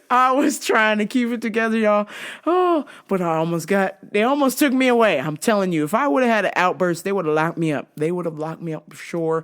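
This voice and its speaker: A woman's voice: medium pitch, expressive, brisk. A woman telling a story to her viewers as a vlog host, casual and profane, laughing often as she goes. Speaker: vlogger host.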